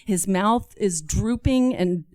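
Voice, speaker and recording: A woman from Texas telling a comic personal story on stage, animated and acting out every voice. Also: medium pitch, takes it slowly, no echo, studio quality.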